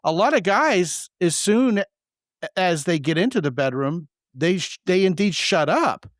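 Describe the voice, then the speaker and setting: A man hosting a podcast, telling stories in a joking, animated way. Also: sits high, measured pace, no echo, clean studio sound. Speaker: podcast host. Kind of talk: casual podcast conversation.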